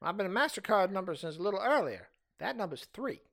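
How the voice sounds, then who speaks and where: A man's voice: high voice, big pitch swings, fast talker, gravelly, fairly bright tone, exaggerated voice. A man putting on the voice of a chatty, very old woman who rambles proudly about how long she has been around. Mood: smug. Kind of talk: comic impression in casual chat.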